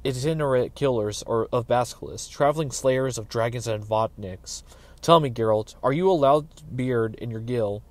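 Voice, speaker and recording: A man reading aloud, voicing a gruff, officious middle-aged castellan in a fantasy story. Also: moderate pace, natural voice. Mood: grumbling. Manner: exclaiming, higher and louder than the narration. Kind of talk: dramatic audiobook reading.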